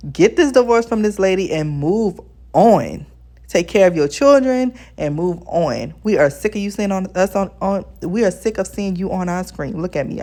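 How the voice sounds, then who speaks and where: A woman's voice: lowish voice, dark tone. A woman giving blunt, exasperated casual commentary as a TV show reviewer, talking straight to her viewers. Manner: addresses viewers as besties.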